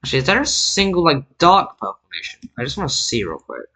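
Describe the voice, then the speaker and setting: A man's voice: fairly high pitch, wildly swooping pitch, quick pace, pushed and bright, rough recording. A man casually narrating a map-drawing video, rambling and correcting himself with jokey asides. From Britain. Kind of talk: casual narration over screen recording.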